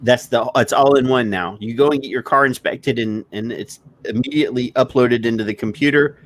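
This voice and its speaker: A man chatting on an internet radio show, telling an everyday story with lively acted-out quotes. He swears freely when he is annoyed, and his voice sits at an ordinary middle pitch. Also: fairly quick. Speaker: co-host. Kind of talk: casual podcast chat.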